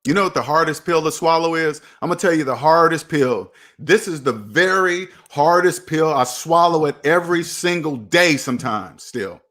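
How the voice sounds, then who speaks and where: This man, a personal finance host talking to camera, speaks at normal speed with hardly any pauses in a fairly high, slightly bright voice. In a preachy motivational monologue about money, he keeps repeating himself and calling himself by name.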